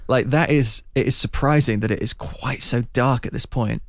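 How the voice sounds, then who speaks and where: A man co-hosting a casual film discussion, excitable and quick to exclaim. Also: mid-range voice, no echo, clean studio sound. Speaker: podcast co-host.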